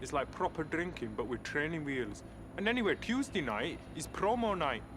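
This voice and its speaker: A man's voice: fairly high pitch, big pitch swings, normal speed. Cheeky lad talking his mate into a night out, bouncy voice, noisy game audio. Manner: jokey, persuasive banter. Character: cheeky young man urging a mate out drinking. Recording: game audio with clear background noise.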